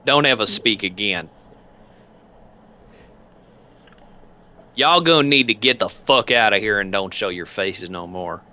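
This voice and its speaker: A man voicing a surly, foul-mouthed male biker gang leader in a tabletop game, gruff and threatening. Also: on the low side, normal speed, bright, forceful tone, pitched below the performer's own voice. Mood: menacing. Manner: gruff, threatening, swearing constantly.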